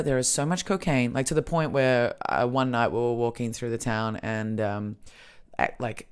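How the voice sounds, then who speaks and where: Casual woman podcast host, rambling anecdotes, salty language, lots of fillers. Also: extremely low pitch. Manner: rambling and profane, many fillers and restarts. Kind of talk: casual storytelling chat.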